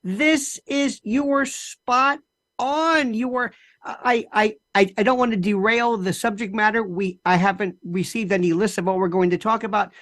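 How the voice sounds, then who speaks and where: A man's voice: high voice, fairly even intonation, normal speed, a bit bright. A man from the United States, a guest commentator on a talk show, effusive and wordy, stacking synonyms.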